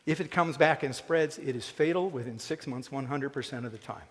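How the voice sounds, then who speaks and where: A man's voice: medium pitch, fairly quick. A man giving a personal commencement speech from a stage, folksy and joking one moment, earnest and moving the next. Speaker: commencement speaker. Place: theatre stage. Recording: long hall reverb in a theatre.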